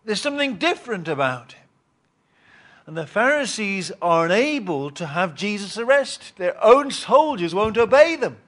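A man preaching a Bible teaching sermon, reading scripture and explaining it with emphatic rises and pauses. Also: high voice, very animated, a bit bright. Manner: reads scripture aloud and repeats words.

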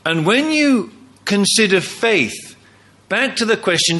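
A man's voice: high-pitched, sing-song, slow pace, pushed and bright. A man preaching a sermon, emphatic, often acting out quoted lines.

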